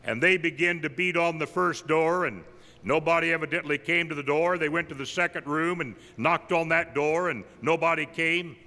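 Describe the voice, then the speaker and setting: An older man, an evangelist, tells humorous personal stories at a tribute, delivering his punchlines deadpan. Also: a little high, normal speed. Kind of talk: folksy storytelling tribute. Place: large camp meeting hall. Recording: live in a big reverberant hall.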